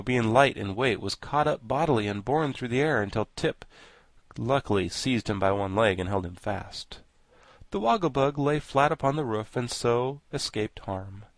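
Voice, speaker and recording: A male audiobook narrator in a mid-range voice, reading in an even, steady way. The recording is dry and close, with no room sound. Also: mid-range voice, no room sound.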